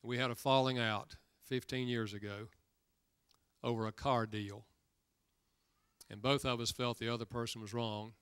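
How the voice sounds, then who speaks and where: Bright-voiced older man preaching a story sermon. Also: medium pitch, smooth, no room sound, clean studio sound. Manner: folksy storyteller, acts out dialogue with rising emphasis. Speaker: guest preacher.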